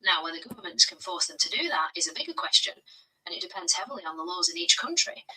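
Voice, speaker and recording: A synthetic woman's voice answering as an AI chat assistant in a measured, agreeable way. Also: on the low side, big pitch swings, sharp tone, breathy edge, far from the mic, poor audio. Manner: measured, agreeable, calls the user bro. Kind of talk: polite explanatory answers.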